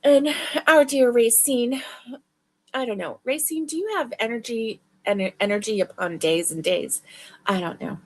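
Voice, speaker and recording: A woman with a slightly high voice speaks in an unhurried way during her crochet livestream, heard through a webcam mic. Despite being tired and yawning, she chats casually and offers friendly greetings to viewers.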